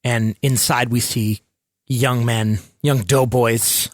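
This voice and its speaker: A man playing in a tabletop role-playing game, narrating his character's scene in a slow, halting way. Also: mid-range voice, steady tone, no echo, studio quality. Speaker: player.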